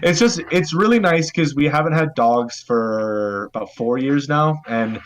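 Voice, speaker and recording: A man's voice: medium pitch, lively intonation, a little slow, a little hiss or hum. Rambling young man on a podcast. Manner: rambling, many fillers and restarts. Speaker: podcast co-host. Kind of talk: casual group chat.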